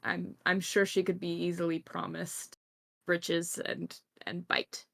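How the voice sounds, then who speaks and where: A woman playing a confident council lady in a tabletop game, bright edge, lowish, calm and measured. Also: creaky, exaggerated voice. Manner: measured, self-assured, with hesitant fillers.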